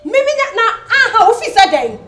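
A mocking Ghanaian rival. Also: female voice, very high-pitched, big pitch swings, fairly quick, over music. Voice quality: teasing, mocking delivery. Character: defiant young woman rival, mocking. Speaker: actress. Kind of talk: film drama dialogue. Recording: echoey room.

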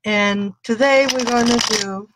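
Slow-talking woman reading tarot live. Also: a little high, noisy background. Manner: chatty, greets viewers by name. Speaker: tarot reader.

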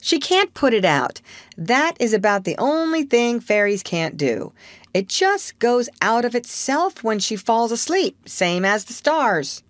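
A woman reading the part of a bold, commanding boy leader in a storybook, in a sharp manner. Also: on the high side, very animated, measured pace, dry recording, pitched above the performer's own voice. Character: boastful bold boy leader of lost boys. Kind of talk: audiobook character reading.

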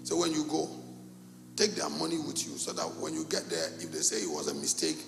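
A middle-aged pastor from Cameroon, preaching a sermon and telling a story with animated, acted-out dialogue in a gravelly voice. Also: male voice, on the high side, a little fast. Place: church hall. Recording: echoey church hall.

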